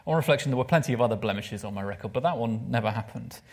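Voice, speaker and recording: A man preaching a sermon, expressive and asking his listeners questions, sometimes dropping to a hushed voice. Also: medium pitch, racing. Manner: expressive, drops to a hushed voice for emphasis; asks the listeners rhetorical questions.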